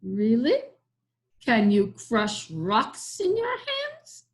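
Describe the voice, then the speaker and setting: A woman reading a storybook aloud, voicing a clever, bold young man who speaks calmly and slyly. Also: a little high, very slow, voice pushed up, full character voice. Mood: daring. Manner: calm, sly and confident.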